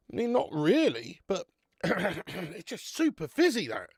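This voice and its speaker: A man's voice: high voice, wildly swooping pitch, measured pace, creaky, husky, no echo, clean studio sound. A young man chatting casually on a live stream, reviewing beer, bantering with viewers and swearing now and then.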